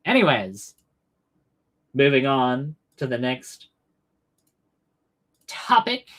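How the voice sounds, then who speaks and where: A man's voice: mid-range voice, extremely slow. A man hosting a political livestream, ranting sarcastically with heavy swearing and mock outrage. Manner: sarcastic, swearing, animated rants. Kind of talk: profane political commentary.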